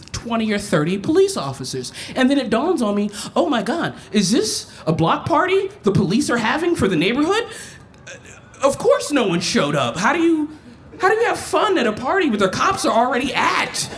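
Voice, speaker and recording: A woman doing a profane, animated stand-up set on a live stage, breaking into mimicked voices as she tells stories. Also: fairly high pitch. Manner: animated, profane, mimics others mid-story. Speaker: stand-up comedian. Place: stage at a live festival event.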